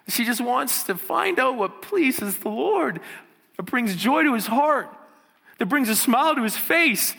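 A man's voice: a little high, fairly bright tone. A man preaching a sermon as pastor, often repeating words and building to fervent appeals. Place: church. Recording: church hall reverb.

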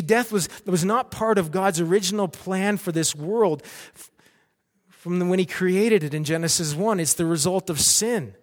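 Man, preacher, sermon, animated, high voice, long hall reverb. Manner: animated, acts out cheering crowds.

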